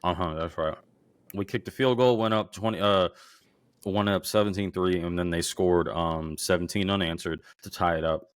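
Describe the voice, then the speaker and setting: Brief: low-voiced male podcast co-host, profane and excitable, voice worn hoarse, dry close sound. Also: normal speed, dry recording. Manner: profane, excitable fan banter. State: voice worn from shouting. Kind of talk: casual sports chat.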